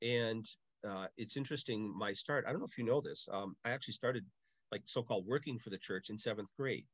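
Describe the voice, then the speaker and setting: A man's voice: on the low side, brisk, dry recording. An older man from Milwaukee, a parish music director, recalls his past in an easy, chatty way. He breaks into voices as he tells his stories, and the recording is dry and close. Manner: animated storyteller, acts out voices in anecdotes. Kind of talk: casual interview storytelling.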